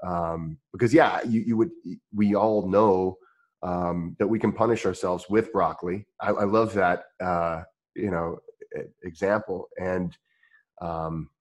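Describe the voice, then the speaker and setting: Rambling country-accented podcast host. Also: male voice, sits low, steady tone, a little slow. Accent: rural Midwestern American. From Indiana, United States. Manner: rambling, many restarts and fillers, laughs easily. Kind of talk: casual interview chat.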